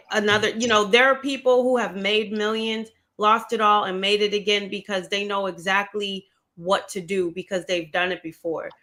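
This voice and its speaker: Woman host, bright, forward tone, steady and supportive. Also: mid-range voice. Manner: direct, encouraging, measured. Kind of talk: livestream interview.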